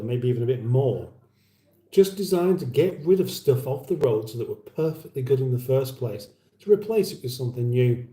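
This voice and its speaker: A man's voice: mid-range voice, mellow, echoey room. A man hosting a casual livestream, rambling chattily and reading out viewer comments. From United Kingdom. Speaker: livestream host.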